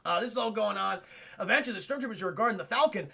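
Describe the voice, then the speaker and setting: High, gravelly streamer man. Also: racing. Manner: profane, animated, laughs often. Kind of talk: casual film recap to live chat.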